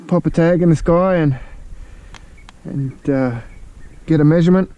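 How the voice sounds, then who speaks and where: Australian man, fishing vlogger, easygoing chatter, mellow tone, muffled action-cam sound outdoors. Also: a little high, normal speed. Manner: laid-back, chatty, talks to viewers while fishing. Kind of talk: casual outdoor vlog. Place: on a kayak outdoors on the water. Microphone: action camera.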